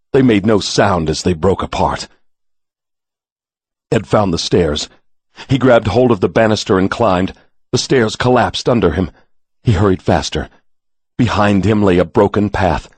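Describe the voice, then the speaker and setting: Guy reading a spooky story, really low husky voice, slow and dramatic. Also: darkish tone, dry recording. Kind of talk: audiobook narration.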